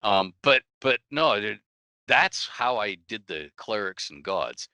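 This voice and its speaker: A man, a guest author on a casual podcast interview, telling animated stories, laughing often and acting out quotes. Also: fairly low pitch, slow pace, clear, resonant tone, no room sound. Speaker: guest game-world author.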